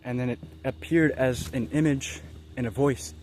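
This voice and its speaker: A young man casually telling a spiritual experience, rambling and excitable, full of fillers and slang. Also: mid-range voice, moderate pace, a little hiss or hum. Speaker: vlogger.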